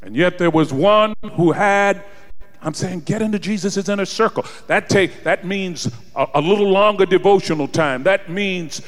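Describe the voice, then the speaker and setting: A man preaching a sermon, swinging between hushed low passages and shouted peaks. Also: moderate pace, long reverb tail, faint music behind.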